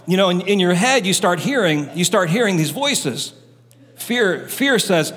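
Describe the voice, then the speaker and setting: A man's voice: high voice, sing-song, measured pace, a bit bright. A middle-aged man preaching a fervent sermon as a pastor, acting out short doubting voices as he goes. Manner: fervent, preaching with rising intensity. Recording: hall reverb, live church sermon.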